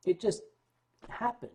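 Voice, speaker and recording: A man hosting a livestream, chatting casually with his viewers and telling stories with big swings in pitch and loudness, stumbling and restarting when the subject turns serious. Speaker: livestream host answering chat.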